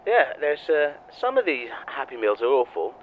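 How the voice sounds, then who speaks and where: A man's voice: mid-range voice, big pitch swings, moderate pace, muffled recording, a little hiss or hum. A man co-hosting a comedy podcast, wry and rambling, swearing freely. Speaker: co-host.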